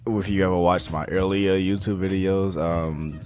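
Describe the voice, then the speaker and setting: A young man who makes gaming videos, chatting casually in a soft-spoken, laid-back way with lots of fillers. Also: deep voice, fairly even intonation, normal speed, soft background music. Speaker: gaming YouTuber. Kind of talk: casual chat.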